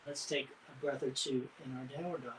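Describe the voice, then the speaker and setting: A man teaching an online yoga class, calmly cueing each breath and pose, with some fillers. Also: mid-range voice, fairly quick, a little hiss or hum. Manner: calm breath-cued instructions, some fillers.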